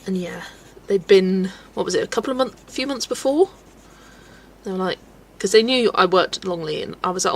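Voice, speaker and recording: A woman's voice: fairly low pitch, fairly quick, a little hiss or hum. A young English woman hosting a colouring livestream, chatting casually and telling stories with frequent giggles. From England. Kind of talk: casual chat while colouring, reading chat.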